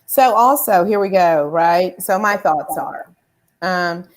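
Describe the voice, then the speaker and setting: A woman's voice: lowish voice, expressive, takes it slowly. Blunt Southern woman hosting a show. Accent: Southern US, Kentucky. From Kentucky, USA. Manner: blunt, profane, lots of fillers and "right?". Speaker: host. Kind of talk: casual online show chat.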